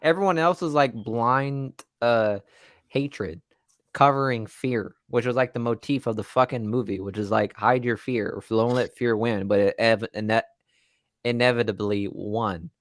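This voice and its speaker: A man chiming in on a movie podcast with blunt one-liners and casual swearing. His voice sits at a mid pitch. It is recorded dry, with no room echo. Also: a little slow. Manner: blunt, swears freely, short quips. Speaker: podcast co-host.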